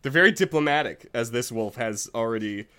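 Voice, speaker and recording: Man, podcast host, reading a folk tale, playful, very lively intonation. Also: medium pitch, fairly quick, smooth. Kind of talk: casual storytelling podcast with banter.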